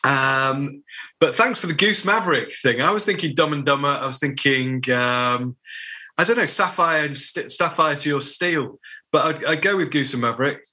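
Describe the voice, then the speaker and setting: A man's voice: fairly high pitch, normal speed, bright, forceful tone. A man co-hosting a football podcast, rambling casually through his views and often restarting his sentences. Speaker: podcast co-host.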